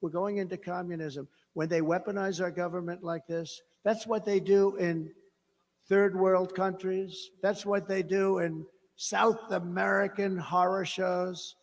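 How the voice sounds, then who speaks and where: Male political candidate, high-pitched, rambling and emphatic, echoing rally PA. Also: fairly even intonation, a little slow. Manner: rambling, emphatic, repeats phrases, mocking asides. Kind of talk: off-the-cuff rally speech. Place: large rally venue. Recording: long-reverb rally PA sound.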